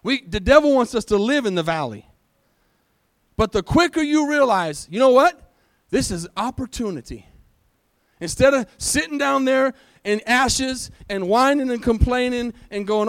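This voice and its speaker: A man with a high voice preaches a lively sermon, throwing rhetorical questions at his congregation and waiting for them to answer. His delivery is animated and conversational, swinging between loud pushes and quiet asides. The sound is dry and close. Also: normal speed, no echo. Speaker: pastor. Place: church.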